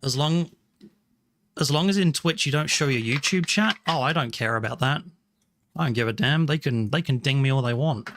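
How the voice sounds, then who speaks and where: This Englishman has a mid-range, slightly bright voice and speaks at a moderate pace. He chats casually with viewers on a live stream from a small room at home, thanking people by name, apologizing often, and restarting his sentences.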